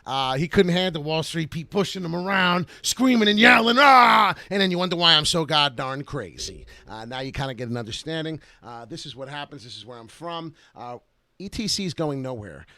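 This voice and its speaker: A man hosting a casual live stream about crypto charts, talking in an excitable, rambling way. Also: a little high, fairly quick, dry recording.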